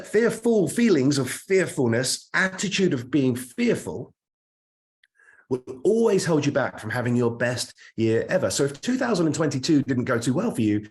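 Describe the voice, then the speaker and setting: Earnest British man coaching online. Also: medium pitch. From United Kingdom. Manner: earnest, emphatic, repeats words when stressing a point. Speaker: career coach. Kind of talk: motivational online talk.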